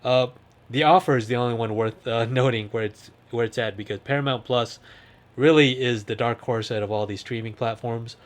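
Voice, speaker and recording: A man's voice: medium pitch, fairly even intonation, moderate pace. Easygoing man chatting about shows. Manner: rambling, laughs often, breaks into movie quotes. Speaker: podcast co-host. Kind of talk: casual chat.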